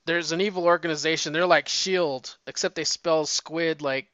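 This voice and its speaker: A man rambles through a casual chat, swearing freely and often restarting his sentences. His voice is bright, clear and slightly high, with a steady tone and a moderate pace. The recording is dull, lo-fi and dry, with no echo.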